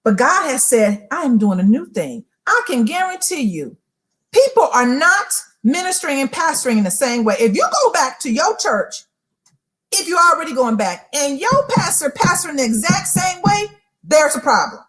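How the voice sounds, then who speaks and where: A woman with a high, bright-pitched voice delivers a preaching-style motivational talk. Her pitch swoops and leaps with great animation, and she hammers her points home by repeating phrases and calling out to listeners directly. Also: big pitch swings, moderate pace. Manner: emphatic, repeats phrases for emphasis; addresses listeners directly and rhetorically. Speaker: motivational speaker.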